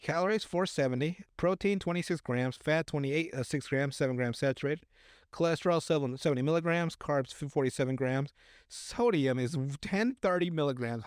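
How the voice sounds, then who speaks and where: A man's slightly high voice comes through at normal speed in a clean studio recording with no room sound. As a podcast co-host, he reads recipes in easygoing chat, stumbling verbally and telling crude jokes.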